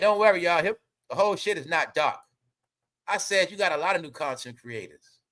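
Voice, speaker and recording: Bright-voiced man ranting on a livestream. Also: high voice. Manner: profane, blunt and mocking, repeats himself. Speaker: livestream host.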